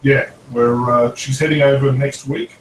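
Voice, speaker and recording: A man chatting casually on a live stream, pausing often with fillers. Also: medium pitch, steady tone. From Australia. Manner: hesitant, many fillers. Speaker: panel guest. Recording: roomy and distant with faint noise.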